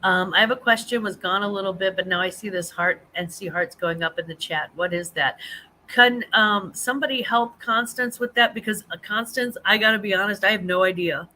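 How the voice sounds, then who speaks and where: A woman's voice: medium pitch, a little fast, bright, forceful tone, slight background noise, low-quality recording. A woman, hosting a casual live-stream chat, rambling with many ums and restarts. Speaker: host of a live reselling chat show.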